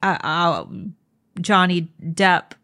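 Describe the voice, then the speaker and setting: A woman's voice: on the low side, expressive, very slow, fairly bright tone. Chatty co-host: a woman in her thirties who rambles and restarts, loose and casual. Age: 30s. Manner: rambling, many fillers and restarts. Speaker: podcast co-host. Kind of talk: casual chat.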